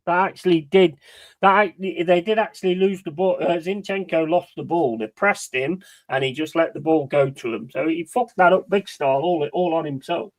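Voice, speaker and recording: A man's voice: a little high, moderate pace, dry recording. Man, frustrated sweary watch-along streamer, dry close sound. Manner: heavy swearing, ranting and frustrated; banters with chat and gives shout-outs. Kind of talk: live match watch-along commentary.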